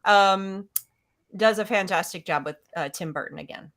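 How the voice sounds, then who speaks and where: A bright-voiced woman chatting on a movie panel. She talks eagerly, stumbles over restarts and laughs along the way. Her tone stays clear and lively. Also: mid-range voice, moderate pace. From lives in the American South. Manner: enthusiastic, restarts and laughs often. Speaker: panelist on a film discussion stream. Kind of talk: casual chat.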